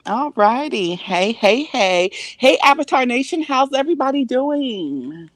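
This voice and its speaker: A woman joining a livestream as a guest over a video call, bubbly and quick to laugh. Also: high-pitched, big pitch swings, no room sound. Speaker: interview guest. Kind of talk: casual livestream chat.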